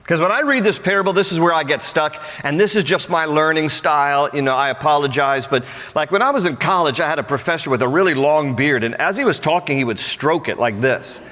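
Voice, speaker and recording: A male pastor preaching a sermon in a conversational, humorous way, with animated asides. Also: a little high, fairly quick, hardly any pauses. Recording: long hall reverb.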